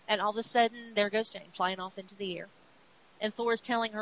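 A woman's voice: a little high, flat delivery, brisk, a bit bright, dull audio. Chatty woman retelling a comic. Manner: chatty, retells the story with quoted voices, many restarts. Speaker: podcast host. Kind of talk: casual comic book recap.

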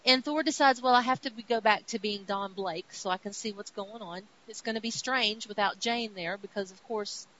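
A woman's voice: medium pitch, moderate pace, few pauses. A woman co-hosting a podcast, casually recapping a comic book and acting out its characters' lines. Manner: animated retelling with acted-out quotes. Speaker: podcast co-host. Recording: dull lo-fi audio with faint hiss.

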